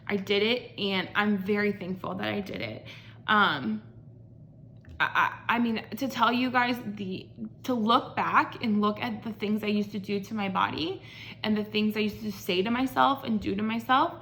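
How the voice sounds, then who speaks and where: A woman's voice: medium pitch, fairly bright tone. Woman in her 30s rambling candidly to camera, lots of likes and restarts, medium voice, bit of room noise. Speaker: vlogger. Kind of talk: personal vlog storytelling.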